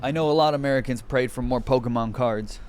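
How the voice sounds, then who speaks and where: A man's voice: medium pitch, fast talker, darkish tone, slight background noise. A man streaming, reacting with sarcastic, profanity-laden mockery in casual commentary. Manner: profane, mocking, sarcastic rants.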